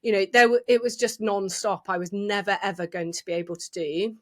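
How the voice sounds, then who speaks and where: A woman's voice: medium pitch, fairly even intonation, a little fast, a bit bright. A middle-aged woman, openly telling her own story in a reflective, candid way. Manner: open, reflective, with restarts and acted quotes. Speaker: guest sharing her experience.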